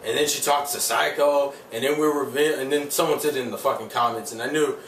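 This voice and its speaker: A male vlogger delivers a casual, profane and rambling episode review, ranting heatedly with plenty of "like." He talks fast in a steady, fairly bright voice of medium pitch. The distant mic leaves the audio roomy, with faint room noise underneath.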